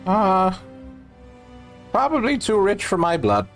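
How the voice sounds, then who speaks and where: A man's voice: sits high, wildly swooping pitch, takes it slowly, faint music behind, voice pushed up, heavily acted. A man voicing a crotchety little old male tailor, talking in a fussy, polite shopkeeper way. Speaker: game master voicing a shopkeeper.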